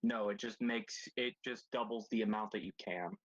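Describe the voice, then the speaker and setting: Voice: medium pitch, moderate pace, no room sound, dull audio. A player at a tabletop game who teases the others and explains the rules. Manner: dry, teasing, rules-minded. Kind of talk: casual tabletop play.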